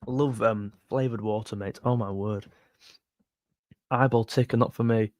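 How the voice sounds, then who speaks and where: A man's voice: on the low side, fairly even intonation, normal speed, darkish tone. A young man hosting a livestream, reading viewer comments in a chatty, jokey way and calling people mate. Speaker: music channel host reading live chat. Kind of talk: casual livestream chat.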